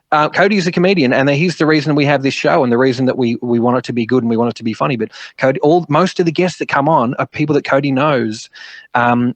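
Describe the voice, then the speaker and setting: Man, podcast guest, animated yarn-spinner, dry close sound. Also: medium pitch, no room sound. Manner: swearing, animated storyteller. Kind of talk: casual chat.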